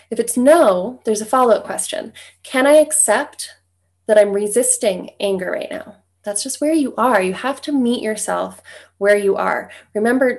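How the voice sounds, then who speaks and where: A young adult woman working as a divorce coach, talking straight to her listeners in an easygoing way and checking in with "right?" as she goes. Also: fairly high pitch. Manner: conversational, tags points with "right?". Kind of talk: direct-to-camera coaching talk.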